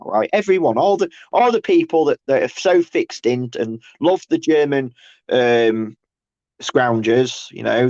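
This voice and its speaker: A man rambles through a casual livestream rant, stopping and restarting his thoughts and slipping into sarcastic mocking bursts. His voice is dark and mellow. The recording is dull and lo-fi, with a dry, close sound. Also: no room sound. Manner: halting, restarts often, mocks others in sarcastic high bursts.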